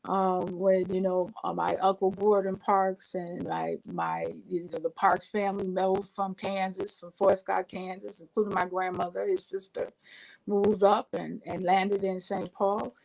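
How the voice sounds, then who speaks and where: This Minnesota woman, a guest in an interview, tells family stories with warm enthusiasm, often restarting her sentences. Her medium-pitched voice is creaky and unhurried, with little pitch movement, and the recording quality is low.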